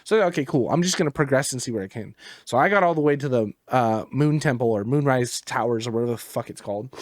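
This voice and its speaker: A gaming podcast host with a medium-pitched voice tells a rambling, profanity-laced story about his game in a casual chat. The sound is clean studio audio with no room sound.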